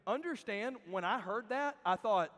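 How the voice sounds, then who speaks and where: A man preaching a sermon to a crowd in a large hall, telling stories in an animated way and acting out the people he quotes. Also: high voice, normal speed. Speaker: camp speaker. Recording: long hall reverb.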